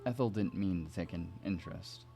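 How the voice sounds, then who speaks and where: A man's voice: deep voice, fairly quick, dark tone, soft background music. A man streaming himself reading a visual novel aloud, narrating with jokey, self-mocking asides.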